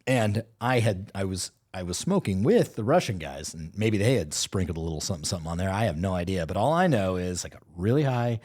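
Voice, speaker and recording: A man with a fairly low voice chats on a casual podcast. He swears freely and tells a story in a loose, animated way. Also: a little fast, few pauses. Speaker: podcast co-host.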